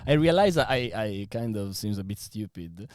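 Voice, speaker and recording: A man's voice: fairly low pitch, lively intonation, normal speed, a little mellow, dry recording, clean studio sound. Italian man hosting, hesitant English. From Bari, Italy. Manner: hesitant English with many fillers. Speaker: podcast host. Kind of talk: casual chat.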